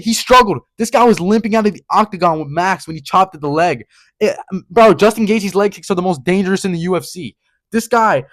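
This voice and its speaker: A man's voice: sits high, dry recording. Young man ranting heatedly. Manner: heated, ranting, swears, repeats "bro". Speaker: channel host. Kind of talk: casual fight-prediction rant.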